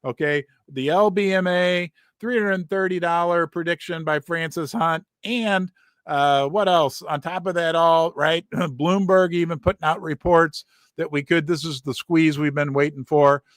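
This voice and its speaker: A man hosting a precious metals live stream from his basement, excitedly greeting viewers by name and losing his voice. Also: on the high side, measured pace, no echo, clean studio sound. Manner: excitable, reading out viewer names. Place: basement room.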